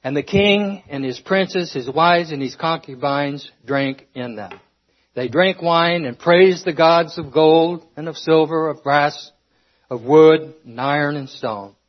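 A man delivers an earnest sermon, reading scripture aloud and often restarting his phrases. He sounds a little out of breath, and his voice sits somewhat high. The recording is dull and lo-fi. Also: takes it slowly. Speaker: preacher.

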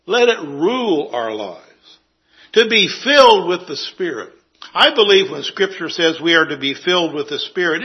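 A man preaching a sermon, earnestly citing scripture and dropping his voice for quiet emphasis. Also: fairly high pitch, highs cut off.

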